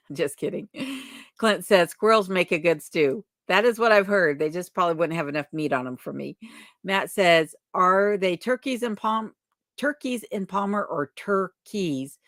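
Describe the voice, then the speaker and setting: A woman hosts a casual live Q&A and greets her viewers one by one. She reads their comments aloud in a friendly, chatty way. Her voice sits a little low and sounds dry and close. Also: fairly bright tone, no echo. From lives in Alaska. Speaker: livestream host.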